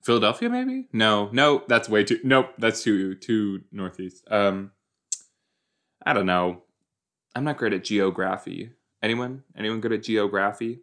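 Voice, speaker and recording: A young man talks casually as he reacts to a TV episode, rambling and joking between thoughts. His delivery is unhurried, and his pitch swings lively up and down. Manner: chatty, rambling, jokey, puts on silly voices. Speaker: podcast host reacting to a TV episode.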